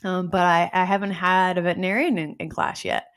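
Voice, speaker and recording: A woman hosting a casual live stream, telling stories in an excitable, bubbly way and greeting viewers as she goes. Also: on the low side, a little fast. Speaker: host teaching nutrition testing.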